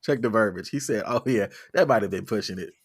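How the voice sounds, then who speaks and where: A man's voice: fairly low pitch, fast. A man co-hosting a music podcast in casual, jokey chat. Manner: animated, jokey, breaks into loud impressions. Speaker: podcast co-host.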